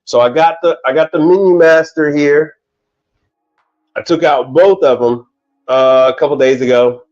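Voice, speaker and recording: Animated man telling work-site stories. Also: a little high, moderate pace. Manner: animated storyteller, repeats words, laughs often. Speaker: commercial appliance technician. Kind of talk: casual livestream chat. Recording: slightly dull audio, faint music.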